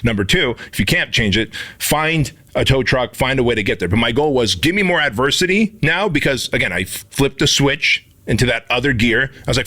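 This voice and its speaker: An animated man co-hosting a casual podcast. He tells stories with plenty of cursing and acts out the quotes inside them. His voice sits at an ordinary middle pitch. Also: a little fast, hardly any pauses. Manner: animated, profane storytelling with acted-out quotes. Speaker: podcast co-host and instructor.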